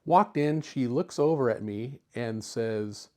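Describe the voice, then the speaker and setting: This retro-computer video host, a man in his fifties, speaks slowly in a mid-range voice with a darkish tone. He relaxes into a personal story for the camera, chatty and easygoing and dropping in filler words.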